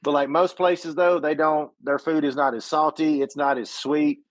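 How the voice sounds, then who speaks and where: A man's voice: a little high, steady tone, moderate pace, low-quality recording. A man from western Georgia, telling stories as a podcast co-host in casual chat. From western Georgia, USA.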